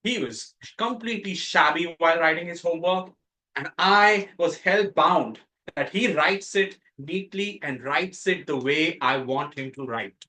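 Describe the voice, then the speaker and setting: A middle-aged man from India with an Indian English accent, giving a prepared contest speech with dramatic pauses and emphatic rises. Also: a little high, pushed and bright, a little hiss or hum, rough recording. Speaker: contest speaker. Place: club meeting room.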